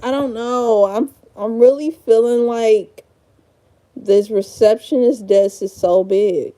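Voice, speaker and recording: A woman in her thirties livestreams while sorting out a room, rambling to herself, swearing and sounding frazzled. Her voice is a little high, steady and mellow, and she speaks slowly.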